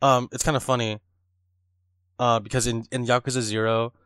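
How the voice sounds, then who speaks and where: A man in casual chat about a video game, animated and excitable, telling stories and laughing often. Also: mid-range voice, normal speed, clear, resonant tone, no room sound, studio quality. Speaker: co-host discussing a video game.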